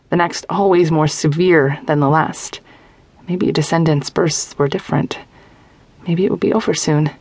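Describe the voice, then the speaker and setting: A woman narrating a young-adult novel in first person, close to a studio microphone, with measured, tense, intimate storytelling. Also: low-pitched, darkish tone, breathy edge, no room sound. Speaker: audiobook narrator.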